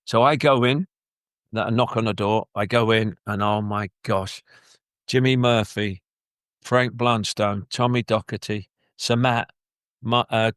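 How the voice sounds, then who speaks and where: An older man tells his stories in a loose, rambling way, slipping into other people's voices as he goes. His voice sits low, and the recording is dry and close. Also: measured pace, clean tone, dry recording. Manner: rambling, animated, acts out quoted voices. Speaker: former footballer, guest. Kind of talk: anecdotal interview storytelling.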